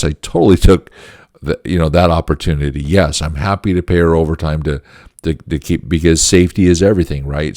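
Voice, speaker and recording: A middle-aged man with a deep, low voice tells a workplace story as a management lesson. He speaks earnestly and stresses his points. The recording is dry and close, with almost no room sound. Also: darkish tone, no room sound. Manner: earnest, emphatic storytelling with short laughs. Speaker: channel host teaching management.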